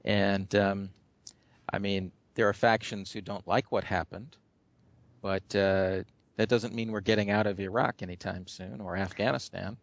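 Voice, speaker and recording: A man's voice: on the low side, steady tone, measured pace, gravelly, no echo, dull audio. A man hosting a radio interview, speaking in a reflective, hesitant way. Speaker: radio host.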